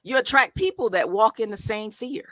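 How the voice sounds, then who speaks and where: A woman's voice: fairly high pitch, expressive, normal speed, a bit bright, no room sound. A woman life coach giving an emphatic motivational talk, casual in her phrasing and full of rhetorical questions. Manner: colloquial, conversational phrasing. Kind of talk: motivational talk to a live audience.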